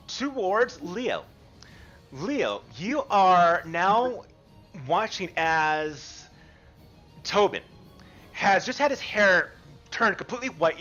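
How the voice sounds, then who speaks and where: A man narrating a tabletop game as game master, animated and rambling with fillers. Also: high-pitched, lo-fi sound.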